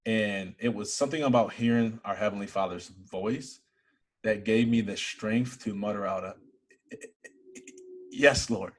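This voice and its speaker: A young man from Michigan, an interview guest, telling a personal faith story in earnest, building to excited emphasis. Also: lowish voice, normal speed.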